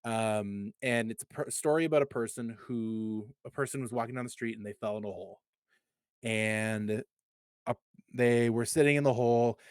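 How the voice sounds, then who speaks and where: A man in his thirties with a mid-pitched voice who talks in an earnest, reflective way and keeps restarting his sentences. The recording is dry and close. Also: moderate pace, clear, resonant tone, no room sound. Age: 30s. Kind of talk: casual podcast chat.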